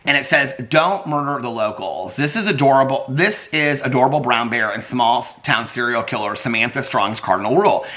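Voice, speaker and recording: A middle-aged man vlogging casually, excitable and chatty, laughing often and using lots of fillers. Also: mid-range voice, a little fast, few pauses. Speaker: vlogger reviewing a graphic novel. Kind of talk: casual chat.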